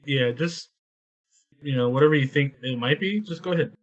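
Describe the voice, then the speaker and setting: A man's voice: medium pitch, normal speed. A man co-hosting a podcast in casual film review chat, laid-back and agreeable. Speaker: podcast co-host. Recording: dull lo-fi audio.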